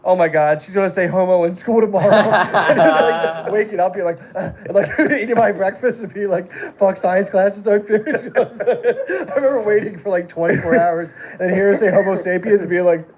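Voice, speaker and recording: A man in his thirties with a somewhat high voice recalls childhood mischief in casual chat, swearing and laughing through the telling. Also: a little fast, hardly any pauses, crowd noise. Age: 30s. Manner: laughing, profane storytelling.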